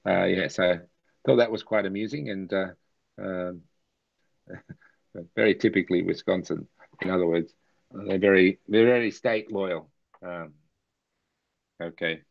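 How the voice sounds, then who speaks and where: A man's voice: low-pitched, steady tone, measured pace, vocal fry, pauses often, dry recording, dull audio. A man hosting a casual live chat over a video call, telling anecdotes and laughing often as he goes. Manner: chatty, laughs through anecdotes.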